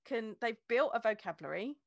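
A woman's voice: fairly high pitch, lively intonation, a little fast, gravelly, dry recording. A woman who teaches beer tasting, a guest in a casual interview, explaining with energy and laughing often.

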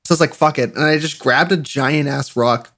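A young man telling animated stories in a casual chat, laughing often. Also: fairly high pitch, fairly quick. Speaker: podcast co-host.

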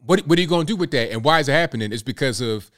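A man's voice: mid-range voice, animated, racing, fairly bright tone. A young man hosting a reaction commentary, talking bluntly and repeating himself in a conversational way. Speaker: commentary host.

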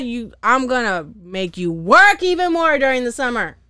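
A young woman talking on a casual podcast, lively and loose with her language. Her voice is smooth and clear, recorded dry and close. She laughs easily and acts out little bits of dialogue. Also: on the high side, moderate pace, dry recording. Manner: animated, laughing, swears freely, acts out characters. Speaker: podcast host. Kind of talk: casual chat recap.

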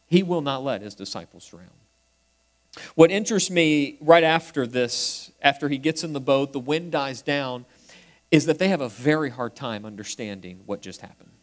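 A man preaching a sermon, moving between emphatic, rising lines and quiet, hushed repeated refrains. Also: on the high side. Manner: swings from emphatic to hushed, soft quoted refrains. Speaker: pastor.

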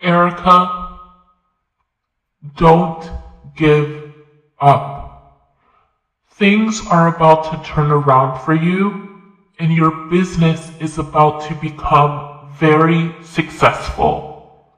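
A man voicing God as a calm, reassuring divine voice that speaks slowly and soothingly. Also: a little high. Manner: slow, soothing, encouraging. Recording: roomy echo on the voice.

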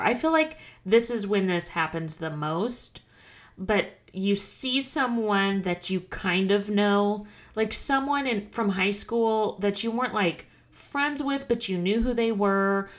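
A woman in her thirties co-hosting a podcast in casual chat. She has a nasal voice with a slight lisp and rambles, trailing off mid-thought. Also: medium pitch. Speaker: podcast co-host. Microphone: studio microphone.

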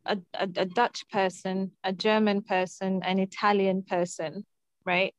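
A woman's voice: medium pitch, level tone, measured pace, no room sound, low-quality recording. A woman hosting a podcast, asking probing questions in a casual discussion. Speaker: host.

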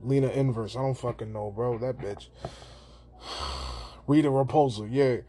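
A man's voice: mid-range voice, a little slow, slightly rough. Profane man ranting about a movie. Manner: profane, animated retelling with put-on quoted voices. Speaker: podcast host. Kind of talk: casual movie rant.

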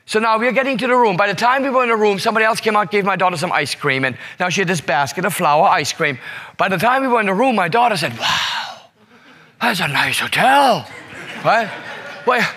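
A man telling a story to an audience in an animated way, full of rhetorical asides. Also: high voice, racing. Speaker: speaker. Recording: long hall reverb.

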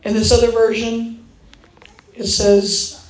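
A woman's voice: a little high, slow pace. A woman preaching a sermon, telling stories and acting out the voices in them. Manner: animated storytelling, acting out quoted voices. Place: church hall. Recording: echoey room.

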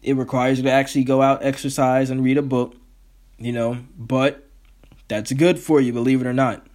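A man's voice: medium pitch, little pitch movement, moderate pace, a little mellow. A man hosting his own podcast, ranting in a heated, profane, rambling way. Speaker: podcast host. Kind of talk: solo podcast rant.

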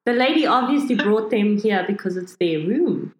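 A woman's voice: medium pitch, lively intonation, moderate pace. A woman playing a tabletop game, narrating her character in third person. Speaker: player. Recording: echoey room.

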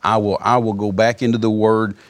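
A man's voice: on the low side, level tone, fairly quick. A man in his sixties, a guest minister in a broadcast interview, telling stories in a folksy way and often repeating words.

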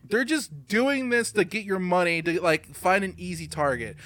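Guy co-hosting a chat, kinda high voice, animated and sweary, dry sound. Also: moderate pace, hardly any pauses, no echo. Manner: animated and profane, laughs often; slips into mocking voices to make a point. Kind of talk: casual chat.

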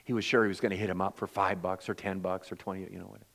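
A male pastor delivering a sermon, swinging from loud, emphatic lines to hushed, quiet ones, and acting out the voices in his stories. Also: low voice, level tone, racing, vocal fry, in a large hall. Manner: acts out quoted voices in storytelling.

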